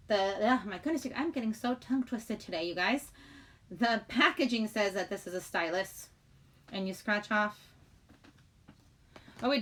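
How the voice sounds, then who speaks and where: A middle-aged woman hosting a casual livestream, chatty and giggly, rambling as she greets viewers in the chat. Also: medium pitch. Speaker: livestream host.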